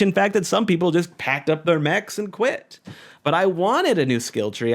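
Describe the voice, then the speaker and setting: A man narrating a scripted video essay critiquing a video game, exasperated and sarcastic, with sighs and dramatic pauses. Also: a little high. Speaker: game commentator.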